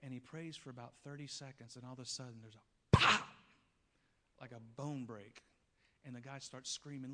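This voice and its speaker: Animated preaching man in a reverberant hall. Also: medium pitch, normal speed. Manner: animated storyteller, acting out voices and rising to loud peaks. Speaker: pastor. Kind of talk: sermon storytelling. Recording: long reverb of a large hall.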